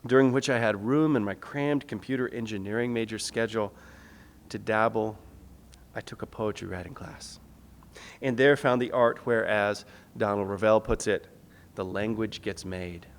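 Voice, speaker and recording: A man in his forties giving a public lecture, reading his poems in a measured, rhythmic way. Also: on the low side. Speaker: guest lecturer and poet. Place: lecture hall. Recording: long hall reverb.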